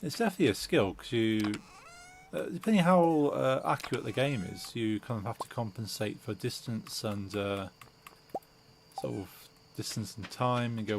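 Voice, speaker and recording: A man's voice: medium pitch, moderate pace, slight background noise. A man streaming a game, chatting casually and hesitantly with lots of fillers and restarts. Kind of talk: casual gaming chat.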